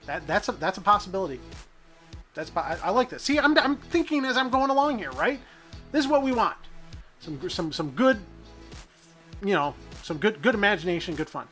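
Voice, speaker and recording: A man's voice: sits high, big pitch swings, brisk, pauses often, a bit bright, faint music behind. A man hosting a city-building gameplay video, rambling and thinking aloud in a goofy, self-deprecating way. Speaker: gaming channel host.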